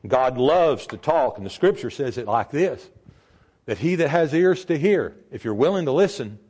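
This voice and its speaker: An older man preaching a sermon as pastor, emphatic, with sudden jumps in pitch and volume. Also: animated, moderate pace, a little mellow, slightly rough.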